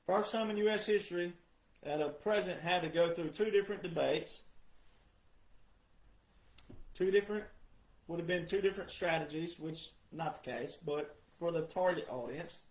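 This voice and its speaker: Male commentator, insistent and repetitive delivery, higher pitch, echoey room sound. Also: brisk. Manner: insistent, repetitive, addresses "ladies and gentlemen". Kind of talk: emphatic monologue.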